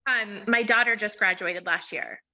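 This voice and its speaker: A woman in her forties, a mother and client in a reading, giving soft, brief replies. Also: medium pitch, moderate pace, poor audio. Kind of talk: conversation in a reading.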